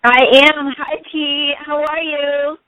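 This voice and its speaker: A woman with a fairly high voice co-hosts a call-in show. She talks slowly and warmly. Her voice comes through a dry, thin phone line. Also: flat delivery. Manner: friendly and affectionate. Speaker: co-host. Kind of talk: casual chat on a call-in show.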